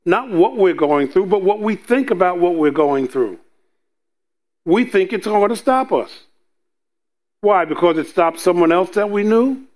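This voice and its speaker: A man's voice: high-pitched, lively intonation, unhurried. A man preaching a sermon in an earnest way, driving points home with repetition. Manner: earnest, repetitive emphasis, acts out quoted voices.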